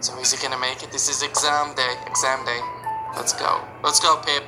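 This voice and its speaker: A woman hosting a reaction video, narrating animated shorts with emotional exclamations. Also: extremely low pitch, fairly quick, music in the background, rough recording.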